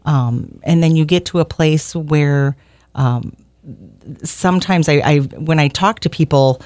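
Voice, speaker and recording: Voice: mid-range voice, a little slow, a little mellow, no room sound. A fifty-year-old interview host asking rambling, affirming questions with fillers in a studio. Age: 50s.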